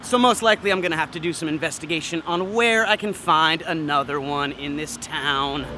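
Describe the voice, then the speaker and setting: A man's voice: fairly high pitch, brisk, bright, forceful tone, faint music behind. Chatty young man vlogging his travels. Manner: upbeat, chatty, addresses viewers directly. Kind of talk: casual vlog talk to camera.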